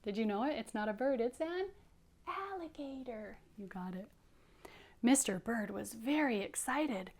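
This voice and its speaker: A woman teacher reading a picture book aloud to young children, animated, dropping into hushed whispered asides. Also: mid-range voice, normal speed.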